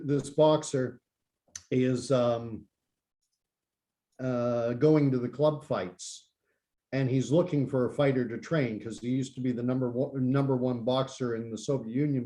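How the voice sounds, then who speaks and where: A man's voice: medium pitch, a little slow. A male podcast guest in casual chat, eagerly retelling movie plots and recommending films. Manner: enthusiastic storyteller, gets excited recommending things.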